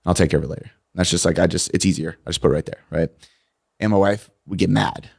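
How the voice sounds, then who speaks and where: A man's voice: low-pitched, fairly even intonation, quick pace, vocal fry, a little mellow, breathy edge. A man, a coach, telling stories bluntly and casually as a podcast guest, with some swearing. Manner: blunt, profane storytelling.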